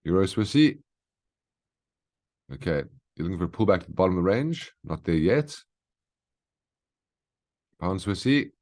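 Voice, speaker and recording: Man, very low voice, trading chart walkthrough, keeps asking okay. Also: big pitch swings, moderate pace, pauses often, darkish tone. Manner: instructive, frequent "okay?" check-ins. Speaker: market analyst host.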